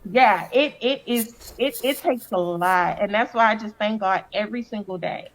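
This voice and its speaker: A woman's voice: mid-range voice, moderate pace, poor audio. A woman giving earnest, emotional personal testimony as a guest, often repeating words. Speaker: cast member and guest.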